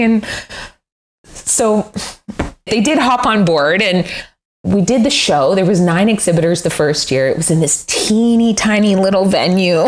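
A middle-aged woman, a furniture designer, chatting candidly in an interview, self-deprecating and often laughing. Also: on the low side. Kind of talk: casual interview chat.

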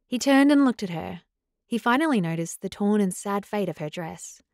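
Woman, audiobook narrator, even storytelling, mid pitch, dry close mic. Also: moderate pace, gravelly, no room sound. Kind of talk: scripted narration.

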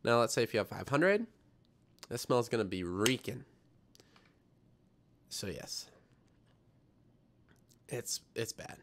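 Gravelly young man chatting on a livestream. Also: mid-range voice, sing-song, takes it slowly, pauses often, a bit bright, a little hiss or hum. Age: young adult. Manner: rambling, reads chat aloud, self-deprecating. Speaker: livestream science show host. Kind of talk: casual livestream chat.

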